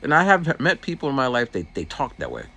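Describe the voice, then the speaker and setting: A man's voice: mid-range voice, huge pitch swings, fast, pushed and bright, slightly rough. A man who works as a teacher's aide, rambling through a casual story outdoors while walking and acting out voices. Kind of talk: casual walking vlog monologue.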